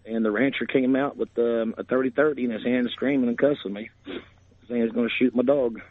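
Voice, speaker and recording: A man calling into a radio show, speaking hesitantly and haltingly, upset. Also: mid-range voice, steady tone. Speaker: caller. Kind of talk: phone-in caller. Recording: tinny phone line.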